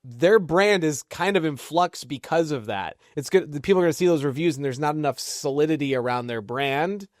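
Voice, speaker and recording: A man's voice: fairly high pitch, fairly quick, hardly any pauses, no echo, studio quality. A man co-hosting a podcast, telling business stories in casual chat and laughing between points. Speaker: podcast co-host.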